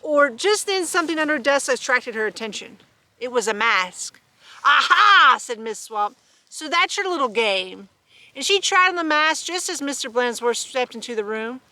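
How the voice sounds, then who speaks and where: A woman reading a children's storybook aloud, animated and chuckling with asides. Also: high-pitched, normal speed, no echo. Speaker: storybook reader.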